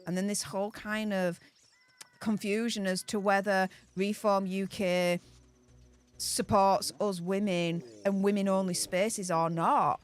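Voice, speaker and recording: A woman with a Yorkshire accent who hosts the channel. She chats excitedly about politics while playing a video game and laughs often. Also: mid-range voice, measured pace. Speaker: channel host. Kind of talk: casual gaming commentary with political chat.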